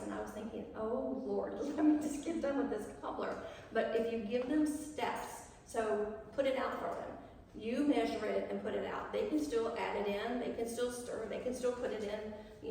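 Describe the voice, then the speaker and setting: Woman presenter, homey storyteller, some fry in the voice, far from the mic in a reverberant room. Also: fairly high pitch, darkish tone, a little hiss or hum. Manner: folksy, storytelling, with asides. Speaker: nurse presenter. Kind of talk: community talk on dementia care. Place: community meeting room. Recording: echoey hall from far off.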